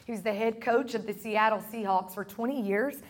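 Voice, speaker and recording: A woman pastor preaching a sermon to her congregation, earnest and repeating phrases for emphasis, slowing and softening on her key lines. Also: a little high. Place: church service room.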